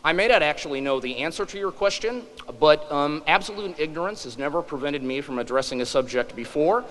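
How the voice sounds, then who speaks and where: A man's voice: fairly high pitch, a little fast, fairly bright tone, big-room sound, poor audio. A man in his forties giving a humorous public lecture, wry and self-deprecating. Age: 40s.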